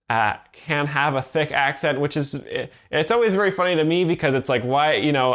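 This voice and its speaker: A young man, a comedian, explaining stand-up jokes in a deadpan, mock-earnest, sarcastic manner. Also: medium pitch. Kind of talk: deadpan ironic commentary.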